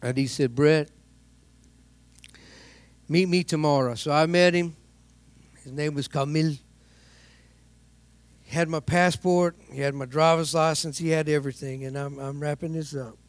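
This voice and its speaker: A man preaching with animated storytelling, acting out the people in his tale. His voice sits higher than most men's. The sound is dry and close, with no room around it. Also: normal speed, pauses often, no room sound. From United States. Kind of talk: sermon storytelling.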